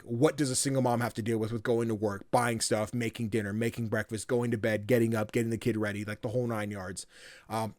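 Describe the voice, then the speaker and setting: A man co-hosting a podcast, chatting casually in a rambling way with many fillers and quick acted-out bits of dialogue. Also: medium pitch, no echo, clean studio sound. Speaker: podcast co-host. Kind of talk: casual chat.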